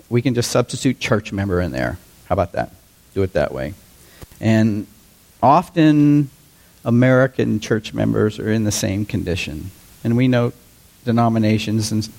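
A man in his fifties preaching a sermon to his congregation in a relaxed, conversational way, often asking them questions. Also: mid-range voice. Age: 50s. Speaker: pastor.

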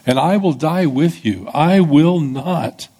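A man voicing an earnest male disciple who pleads and insists that he will stay loyal, with a husky voice, within a sermon. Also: a little high, expressive, takes it slowly, dark tone, voice pushed up, heavily acted. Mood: fervent pleading. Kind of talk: acted-out scripture in a sermon.

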